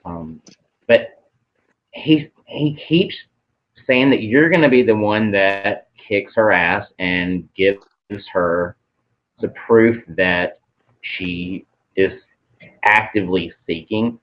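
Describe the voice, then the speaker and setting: A man's voice: lowish voice, slow pace, long pauses, lo-fi sound. A man channeling messages in a casual, hesitant way, with many ums and some casual swearing.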